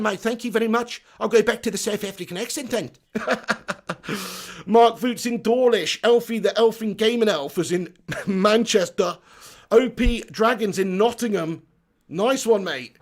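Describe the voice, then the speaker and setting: A young man hosts a casual livestream, his voice high and gravelly. He talks bluntly, swears a lot and jokes around as he reads out viewers' comments. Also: a little slow. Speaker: fan channel livestream host.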